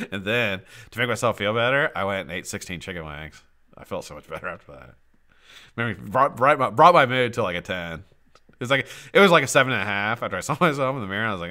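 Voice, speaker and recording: A man hosting a live stream trivia giveaway in casual chat, swearing freely and jumping into loud excited shouts. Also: fairly low pitch, fairly quick. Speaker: livestream host running a trivia giveaway. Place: home streaming setup.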